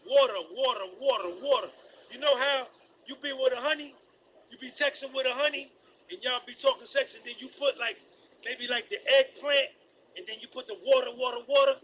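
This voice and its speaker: A man rambles live to his viewers, repeating lines and singing bits. His voice sits very high and sharp. A faint hiss runs under it. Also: brisk, lo-fi sound. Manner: animated, repetitive, sings snatches. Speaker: streamer. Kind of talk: rambling casual commentary.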